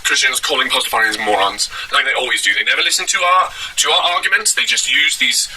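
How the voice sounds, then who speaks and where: A man delivering a deadpan satirical monologue at home, rambling and halting with many fillers. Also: mid-range voice, breathy edge, distant mic, low-quality recording. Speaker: comedic vlogger in character.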